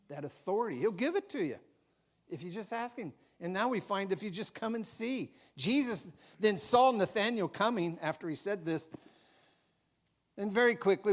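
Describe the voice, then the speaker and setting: An older man, a grandfather, preaching a folksy, conversational sermon in a church, with personal asides. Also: high voice. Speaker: pastor.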